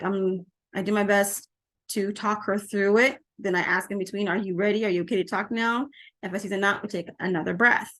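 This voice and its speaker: Middle-aged woman, parenting coach talking to camera; animated, laughs easily, repeats key phrases. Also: mid-range voice. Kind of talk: casual talk to camera.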